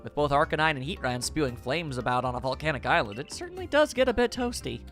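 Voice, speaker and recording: A man's voice: on the high side, sing-song, quick pace, a bit bright, faint music behind. A young man giving playful, chatty let's-play commentary and talking to the game. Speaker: video game streamer.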